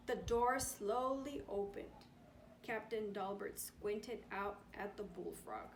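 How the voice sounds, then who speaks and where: A woman reading a children's picture book aloud in an expressive storytelling voice. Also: on the high side, a little slow, a little hiss or hum. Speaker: storybook reader.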